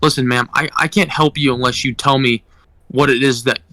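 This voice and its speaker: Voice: mid-range voice, fairly even intonation, a little fast, bright, forceful tone, close to an everyday voice. A young man quoting a store associate who answers an angry call politely.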